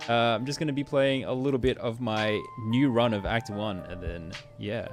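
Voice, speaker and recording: A man's voice: medium pitch, steady tone, normal speed, hardly any pauses, soft background music. A man casually commenting while streaming a game, laughing often and reading the game text aloud.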